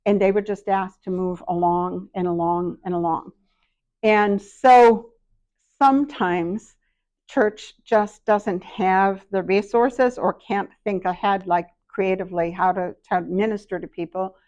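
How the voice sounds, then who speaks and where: Middle-aged woman, workshop speaker, self-deprecating, anecdotal storytelling, mid-pitched voice. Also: steady tone, unhurried, darkish tone, highs cut off. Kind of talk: personal storytelling talk.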